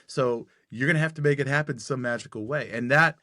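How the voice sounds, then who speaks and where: Guy in his 40s telling a story on a podcast, bright tense voice, dry close sound, does all the voices himself. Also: mid-range voice, a little fast, no echo. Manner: animated storyteller acting out quoted dialogue. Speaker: podcast guest.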